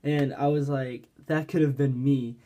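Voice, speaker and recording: A man's voice: mid-range voice, fairly even intonation, a little slow, warm tone. A man from Pennsylvania telling a fishing story in a casual, rambling way, saying "like" constantly. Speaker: fishing vlogger.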